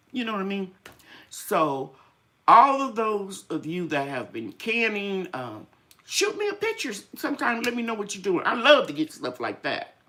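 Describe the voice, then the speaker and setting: Lively, chatty older woman host. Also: sits low. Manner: chatty, storytelling, acts out quoted voices. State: a little tired, sinuses draining. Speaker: gardening channel host. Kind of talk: casual live-stream chat.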